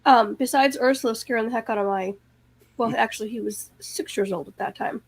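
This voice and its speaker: High, gravelly-voiced woman chatting. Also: fairly quick. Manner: giggly, self-deprecating, stumbles over words. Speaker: co-host. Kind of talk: casual group chat.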